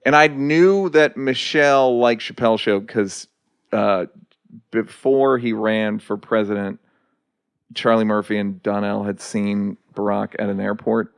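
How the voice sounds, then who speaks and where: A man's voice: on the low side, fairly even intonation, measured pace, creaky, smooth, dry recording. Man, casual podcast storytelling, dry profane delivery, close dead mic. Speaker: guest comedian.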